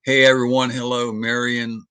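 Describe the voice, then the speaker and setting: A man hosting a casual livestream from home, rambling and reading viewer comments out loud with lots of hesitant fillers. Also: mid-range voice, flat delivery, moderate pace, smooth, dry recording. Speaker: livestream host. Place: at home with his dog.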